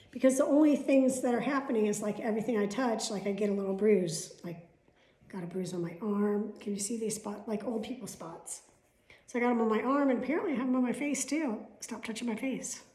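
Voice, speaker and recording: A woman's voice: a little high, a little mellow. Blunt, profane woman vlogger in an echoey room. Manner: blunt, profane and sarcastic storytelling. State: has bronchitis. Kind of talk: casual vlog chat.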